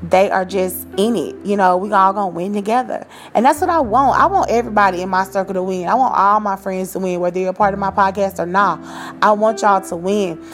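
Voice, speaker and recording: A woman's voice: mid-range voice, fairly quick, fairly bright tone, faint music behind. A woman in her thirties hosting a podcast, talking in an encouraging, preachy way with casual slang. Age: 30s. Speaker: podcast host. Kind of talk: motivational podcast monologue.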